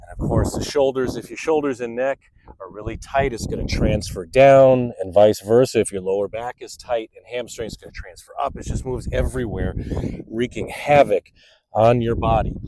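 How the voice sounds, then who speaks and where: A man's voice: mid-range voice, slight background noise, poor audio. A middle-aged man leading a guided stretching class, upbeat and chatty, sighing through the stretches. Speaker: fitness instructor. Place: outdoors under open sky.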